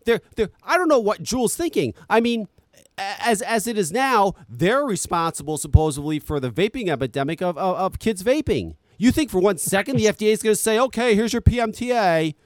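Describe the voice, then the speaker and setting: A man's voice: sits high, big pitch swings, brisk, dry recording. A man ranting on a podcast, exasperated and profane, talking close to the mic. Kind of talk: heated podcast commentary.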